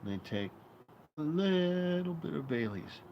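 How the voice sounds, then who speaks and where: A man's voice: a little high, expressive, a little slow, lo-fi sound, a little hiss or hum. A man hosting a live stream, rambling through bar stories in casual, profane chat. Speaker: streamer host. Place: outdoor patio.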